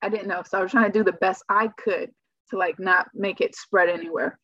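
A woman's voice: medium pitch, normal speed, a bit bright, breathy edge, no room sound. A woman telling a personal story in casual, rambling speech, full of "like" fillers, on a slightly muffled recording. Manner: rambling, heavy use of "like" fillers. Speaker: guest telling her story.

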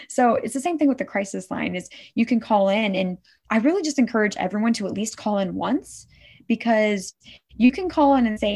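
A middle-aged woman from Oklahoma, a suicide prevention worker, talking as an interview guest in a lively way that checks in with "right?" and acts out quotes. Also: medium pitch, fairly quick. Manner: animated, says "right?" often, acts out quotes. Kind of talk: conversational interview.

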